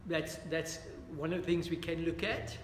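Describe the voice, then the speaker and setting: High-voiced man teaching a Bible study. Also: steady tone, moderate pace, slight background noise. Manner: earnest, questions the audience, repeats "dear friends". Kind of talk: interactive Bible study lesson. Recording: echoey hall with long reverb, faint ambience.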